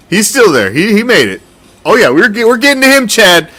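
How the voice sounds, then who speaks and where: Man, sports host, casual commentary, lively pitch, bright tone, swears a lot. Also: fairly quick. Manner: animated, profane, rambling.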